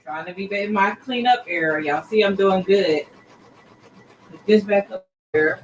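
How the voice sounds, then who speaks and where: A woman's voice: mid-range voice, a little slow, a little hiss or hum. A middle-aged woman hosting a craft livestream, chatting casually and expressively with viewers and calling them by name. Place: craft room.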